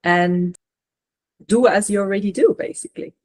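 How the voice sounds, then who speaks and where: Soft-spoken woman channeling messages. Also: mid-range voice, moderate pace. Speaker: spiritual channeler. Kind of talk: relaying messages in a live session.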